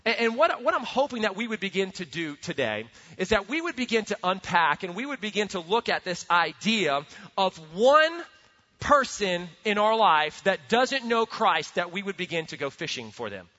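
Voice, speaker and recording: A man preaching a sermon as a pastor, earnest and animated, often repeating words as he builds a point. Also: sits high, normal speed. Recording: dull sound with long hall reverb.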